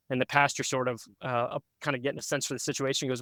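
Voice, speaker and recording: A pastor speaking as a podcast guest, telling a story in an earnest, reflective way with frequent fillers. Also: male voice, mid-range voice, steady tone, fast talker, hardly any pauses, sharp tone, dry recording.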